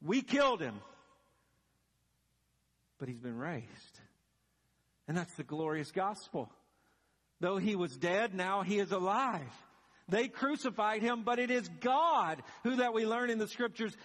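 A man's voice: high voice, lively intonation, a little slow, fairly bright tone. A man preaching a sermon as pastor, telling the story dramatically and building to emphatic peaks. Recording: long reverb of a large hall.

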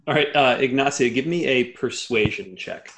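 A man as game master, narrating a tabletop game in a relaxed, conversational way. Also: medium pitch, moderate pace, a little hiss or hum.

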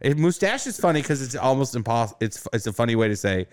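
Lively teasing man on a podcast. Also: medium pitch. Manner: teasing, quick questions. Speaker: podcast co-host. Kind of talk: casual podcast banter.

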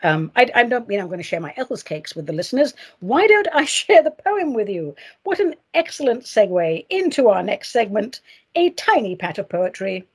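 A woman hosting her own podcast, chatting in a playful, theatrical way and gushing with excitement. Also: medium pitch, moderate pace, husky. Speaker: podcast host.

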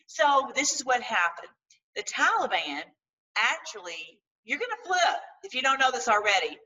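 A woman talking to her viewers in a casual, animated monologue, full of restarts and religious phrases. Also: on the high side, moderate pace, far from the mic, rough recording. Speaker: political commentary host.

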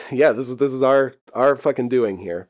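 A man's voice: medium pitch, normal speed, a little mellow. Laid-back young man, casual podcast chat. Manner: laid-back, laughs often, swears casually. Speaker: podcast co-host. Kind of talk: casual chat recapping a TV show.

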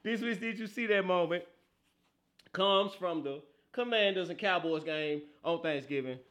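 Lively laughing male football podcast host. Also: high-pitched, normal speed. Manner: animated, laughing often, slangy banter. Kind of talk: casual football talk show.

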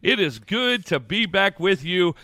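A man's voice: high voice, very animated, a little slow, pushed and bright, no echo. A man hosting a podcast, chatting casually and announcing upcoming meetups. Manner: friendly, chatty, announces events. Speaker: podcast host. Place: home studio.

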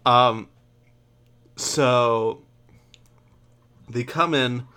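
Male co-host, mid-pitched voice, relaxed and hesitant, casual film chat. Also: very slow, clear, resonant tone. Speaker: podcast co-host. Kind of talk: casual movie review chat.

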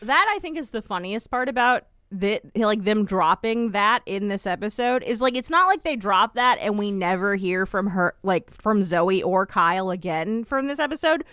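A woman's voice: medium pitch, lively intonation, normal speed, few pauses, fairly bright tone, smooth, no room sound, studio quality. A young woman co-hosting a podcast, recapping a TV episode in a chatty, rambling way. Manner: chatty, rambling, lots of fillers and asides. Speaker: podcast co-host. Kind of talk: casual chat recapping a TV episode.

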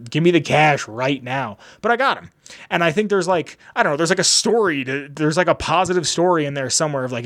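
Rambling young guy telling a story. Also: a little high. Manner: rambling, animated retelling with lots of "like" and quoted dialogue. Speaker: podcast host. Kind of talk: casual storytelling.

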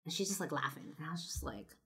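A woman's voice: sits low, animated, fast, a bit bright, slightly rough. A young woman from Los Angeles, telling a personal story to camera in a loose, chatty way, full of "like" and "you know" and some blunt swearing. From Los Angeles, United States. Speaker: vlogger.

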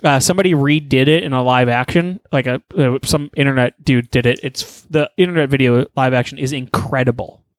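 A man's voice: mid-range voice, brisk, few pauses, dry recording. A man animatedly retelling a story in casual chat, swearing often.

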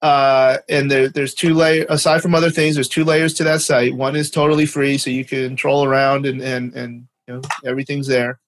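A man's voice: medium pitch, little pitch movement, normal speed, hardly any pauses. Rambling Canadian man, interview guest. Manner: rambling, many restarts and fillers. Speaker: guest, basketball performance clinician. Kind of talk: conversational interview.

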